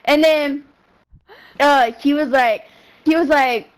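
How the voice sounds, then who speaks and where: A young woman streamer telling a story in casual, slangy, profane talk full of fillers, animated and quick to laugh. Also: high-pitched, poor audio. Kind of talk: casual storytelling while gaming.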